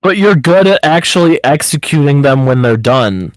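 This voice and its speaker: A man with a slightly raised pitch chats on a casual podcast. He speaks bluntly, swears casually and keeps pressing his friend with pep-talk advice. The sound is close and dry. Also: expressive, moderate pace, no room sound, rough recording. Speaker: podcast co-host.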